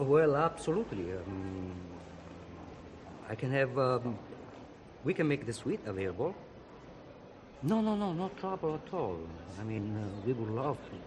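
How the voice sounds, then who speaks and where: An actor playing a hotel manager who is eager and fawning on a phone call. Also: male voice, mid-range voice, big pitch swings, moderate pace, pauses often, noisy background, natural voice.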